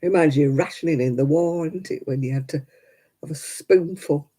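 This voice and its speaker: A woman's voice: deep voice, normal speed, mellow, husky. An older woman chatting casually with viewers on a crafting livestream, rambling and laughing often. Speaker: livestream host. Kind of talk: casual live-chat crafting stream.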